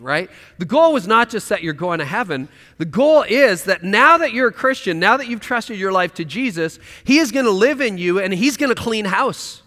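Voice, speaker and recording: A man preaching a sermon as pastor, impassioned, swinging from loud declarations to hushed, quiet lines. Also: high-pitched, lively intonation, moderate pace, few pauses, big-room sound.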